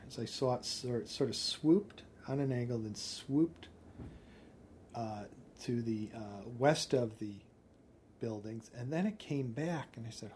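A man's voice: medium pitch, animated, unhurried, darkish tone, a little hiss or hum. A man recounting what he witnessed in an interview, telling it plainly and directly and acting out what was said. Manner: plain, direct storytelling with quoted speech. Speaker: eyewitness. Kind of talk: interview recollection.

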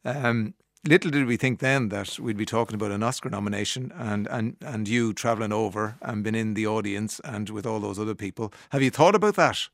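A man's voice: lowish voice, a little fast, creaky, hardly any pauses, no room sound, studio quality. A man hosting a live radio interview, chatty with frequent restarts. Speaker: radio host.

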